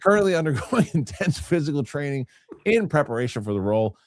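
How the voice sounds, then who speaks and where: A man hosting a casual movie news show, animated and jokey, reading headlines and adding his own takes. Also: a little high, fast. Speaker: show host.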